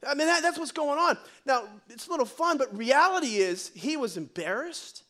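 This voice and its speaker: High-voiced, animated male preacher. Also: normal speed. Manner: animated, joking, conversational preaching. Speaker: pastor. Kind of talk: sermon.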